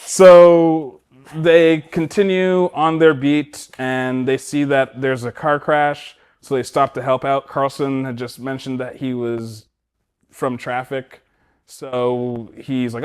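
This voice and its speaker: A man's voice: medium pitch, unhurried, clean tone. A man co-hosting a podcast, recapping a film in casual chat and acting out the characters' lines as he goes. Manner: animated storytelling, acting out characters' lines with laughs. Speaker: podcast co-host.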